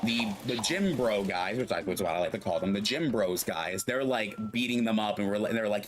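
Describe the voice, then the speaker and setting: A man's voice: on the low side, animated, fairly quick, hardly any pauses, a little hiss or hum. A man streaming a game, casually telling a long story with lots of "like" and acting out the characters' voices. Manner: rambling, full of fillers, acts out quoted voices. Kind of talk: casual storytelling while gaming.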